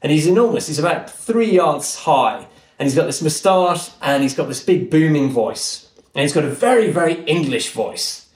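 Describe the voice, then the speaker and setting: A man guest on a podcast, telling a story in an earnest, animated way. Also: a little high, moderate pace. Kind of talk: conversational storytelling. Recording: roomy echo.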